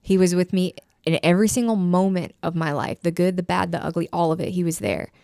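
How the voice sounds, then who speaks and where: A woman's voice: on the low side, a little fast, vocal fry, darkish tone, dry recording, studio quality. A young woman sharing her personal recovery story as a podcast guest, emotional and full of "like" fillers. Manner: emotional, frequent "like" fillers, trailing phrases.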